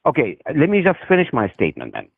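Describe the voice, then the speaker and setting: A man's voice: mid-range voice, huge pitch swings, quick pace, gravelly. A man calling in to a live debate stream, arguing in an insistent way. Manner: insistent, argumentative. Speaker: caller. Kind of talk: heated debate. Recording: tinny phone line.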